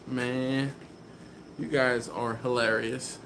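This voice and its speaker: A man hosts a loose live stream from a warm garage at an easy, unhurried pace. He chats, laughs often and reads viewer comments aloud in a middle-pitched voice. A faint fan hum sits behind him. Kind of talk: casual live-stream chat. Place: warm garage beside a running smoker. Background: fan running.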